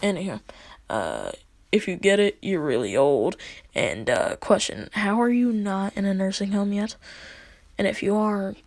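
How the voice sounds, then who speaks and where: A woman's voice: mid-range voice, lively intonation, unhurried, no room sound. A woman casually narrating a fan story, half-whispering, with crude jokes and lots of fillers.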